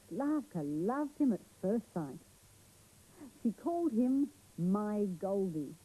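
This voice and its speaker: A woman presenting a children's show, telling a story gently and expressively and asking the children questions. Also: medium pitch, very animated, slow pace, husky, rough recording.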